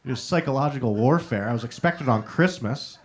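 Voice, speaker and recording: A young man works through a stand-up comedy set, spinning stories with punchy asides. He tags his jokes with a quick "right?" and chats with the audience between bits. His pitch sits in the ordinary middle for a man. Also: animated. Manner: storytelling with punchy asides and crowd banter. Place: live comedy showroom.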